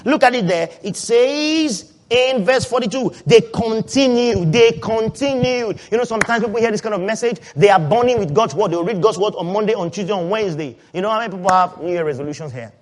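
A male pastor preaching a sermon in a church, swinging between loud calls and hushed asides and asking the congregation questions. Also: sits high, rapid-fire, hardly any pauses.

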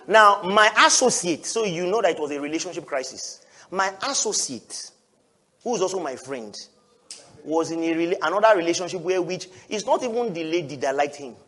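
A male pastor, preaching a lively sermon, often laughing and breaking into shouts. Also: a little high, brisk.

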